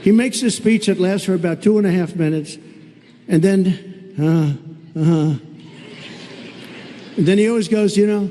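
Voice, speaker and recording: A man delivers a rally speech, blunt and sarcastic, circling back to the same phrases again and again. His voice sits high for a man but sounds mellow rather than bright. A long reverb trails each phrase, as in a large hall. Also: moderate pace, pauses often. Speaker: political candidate at a rally.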